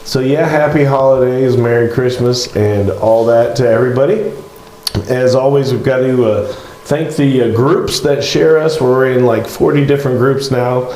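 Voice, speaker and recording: A man co-hosting a local community news show in a relaxed, chatty way with many fillers, and he is losing his voice. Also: mid-range voice, normal speed. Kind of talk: casual live show chat. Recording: roomy echo.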